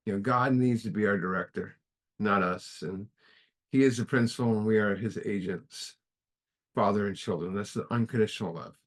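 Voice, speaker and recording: A middle-aged man giving a casual spiritual talk at a study group, halting and filling pauses with "you know" as he tells a parable. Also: fairly low pitch. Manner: halting, with restarts and many fillers.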